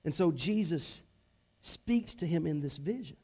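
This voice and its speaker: High-voiced man preaching conversationally. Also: animated, unhurried, a little mellow, husky. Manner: conversational, with frequent restarts and acted-out quotes. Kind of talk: sermon.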